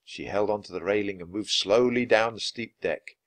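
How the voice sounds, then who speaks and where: Man, storybook narrator, expressive, low voice, dry close sound. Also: normal speed, no echo. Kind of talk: children's book read-aloud.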